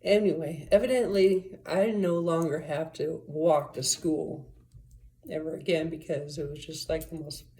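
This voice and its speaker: A woman's voice: low voice, steady tone, measured pace, dark tone. A woman telling a rambling personal story in a casual, profane way, full of fillers and asides. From Las Vegas area, USA.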